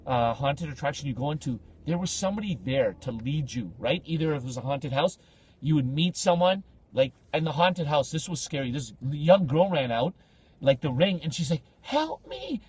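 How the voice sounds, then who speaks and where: Husky-voiced man telling a story. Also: fairly high pitch, moderate pace. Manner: animated, acts out quoted speech with big loud jumps; slangy, says bro and like a lot. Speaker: podcast co-host telling a story. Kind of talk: casual podcast storytelling.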